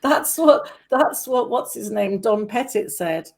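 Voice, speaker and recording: Gravelly, husky woman podcast host. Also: medium pitch, animated, slow. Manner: rambling, hesitant, many restarts. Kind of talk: casual interview chat.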